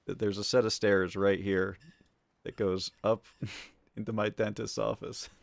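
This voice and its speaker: A man's voice: fairly low pitch, little pitch movement, measured pace, vocal fry, dry recording. A man chatting casually on a live stream, rambling and swearing as he rants. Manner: rambling, profane and ranting.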